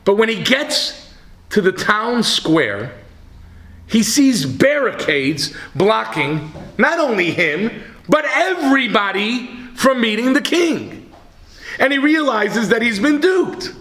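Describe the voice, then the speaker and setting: A man giving a sermon, telling a story with dramatic swings from hushed tones to shouting. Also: high voice, very animated, slow.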